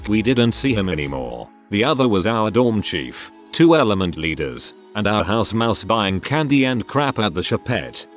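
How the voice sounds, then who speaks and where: A man narrating online posts aloud in an even, matter-of-fact reading style. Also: fairly low pitch.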